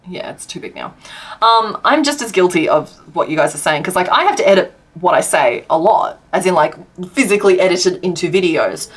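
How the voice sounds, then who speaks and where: A woman's voice: lowish voice, expressive, slightly rough. Chatty, laughing Australian woman. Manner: chatty, laughs often, quick run-on sentences. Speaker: crochet streamer. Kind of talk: casual live-stream chat with viewers.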